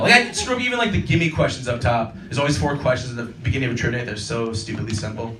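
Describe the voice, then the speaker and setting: A man's voice: medium pitch, fast talker, hardly any pauses, background noise. A man in his thirties performing a stand-up set in a comedy club, acting out characters in silly voices. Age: 30s. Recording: roomy club audio from a distance. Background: audience laughter.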